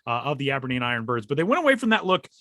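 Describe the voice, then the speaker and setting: A man hosting a podcast in casual chat, jokey and animated. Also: medium pitch, dry recording, studio quality. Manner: jokey, animated, quick laughs. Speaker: podcast host.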